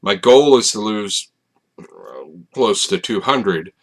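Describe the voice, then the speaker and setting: A man hosting his channel speaks to camera with a fairly low, animated voice at a slow pace. The talk is a casual late-night ramble, halting, with many fillers and restarts.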